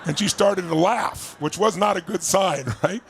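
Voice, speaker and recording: A man's voice: high-pitched, measured pace, vocal fry, slight background noise. A man giving a motivational talk, telling a personal story with enthusiasm and acting out the other people in it. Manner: enthusiastic, acts out voices in anecdotes. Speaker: motivational speaker.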